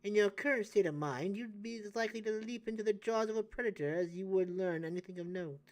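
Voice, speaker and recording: A man voicing a cool-headed woman sorceress from a video game, measured and lecturing. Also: sits high, lightly acted.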